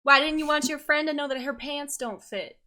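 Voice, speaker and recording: A blunt, no-nonsense woman who drawls her words out plainly and folksily, as a game master voices her. She talks a touch higher than the game master's own voice. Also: a little fast, pushed and bright. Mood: puzzled.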